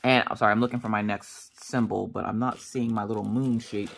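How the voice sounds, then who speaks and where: A woman's voice: rumbling low, fairly even intonation, brisk, vocal fry. A woman in her thirties chatting casually while she crafts, rambling through family stories and acting out the dialogue. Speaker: crafting vlogger.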